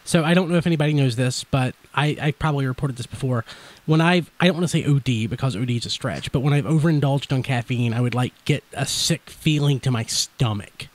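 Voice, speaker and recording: A man hosting a podcast in casual chat, talking fast and blurring his words together, wide awake and energized. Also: medium pitch. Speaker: podcast host.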